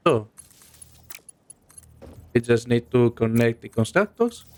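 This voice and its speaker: Slow-talking man narrating his gameplay. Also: medium pitch, very animated. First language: not English. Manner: unhurried, thinking aloud with many fillers. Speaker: gaming video host. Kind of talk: casual gameplay commentary.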